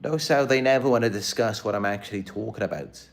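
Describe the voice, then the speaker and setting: Low-voiced man talking into camera. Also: fast talker. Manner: earnest, repetitive, aggrieved. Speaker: channel host. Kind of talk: casual live-stream monologue.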